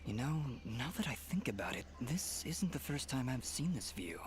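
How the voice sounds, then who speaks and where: A man voicing a brooding young swordsman hero in a video game, speaking quietly and half-whispered. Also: medium pitch, sing-song, normal speed, slight background noise, close to an everyday voice. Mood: reflective.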